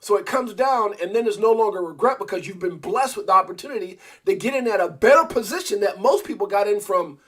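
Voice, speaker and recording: Husky-voiced man rambling on a livestream. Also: sits high, quick pace, hardly any pauses, a bit bright. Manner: rambling, with many restarts and repeated words; addresses viewers and a co-host directly. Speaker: crypto livestream host. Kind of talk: casual live-stream talk.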